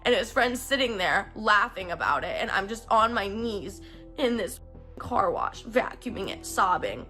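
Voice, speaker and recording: A woman's voice: medium pitch, expressive, unhurried, bright, forceful tone, soft background music. A young woman recounting a personal story in a chatty way, full of "like" and "um". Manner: chatty, peppered with "like" and "um". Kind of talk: casual storytelling.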